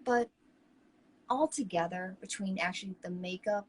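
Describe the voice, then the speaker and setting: A woman co-hosting a talk show, telling stories in a lively, chatty way. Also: medium pitch, normal speed, slightly rough, rough recording. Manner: animated, chatty, acts out quoted people. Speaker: co-host. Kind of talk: casual chat, personal storytelling.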